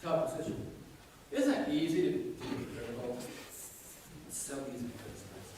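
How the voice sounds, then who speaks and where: A man preaches in a big, echoing church sanctuary. He tells jokey stories and breaks into loud quoted shouts, and his pitch rises and falls constantly. His voice is picked up from some distance. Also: sing-song, moderate pace, noisy background. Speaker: pastor. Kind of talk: sermon. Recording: echoey church room from a distance.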